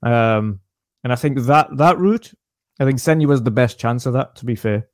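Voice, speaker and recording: A man co-hosting a gaming podcast, weighing his opinions in a measured, casual way. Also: medium pitch, no room sound, studio quality.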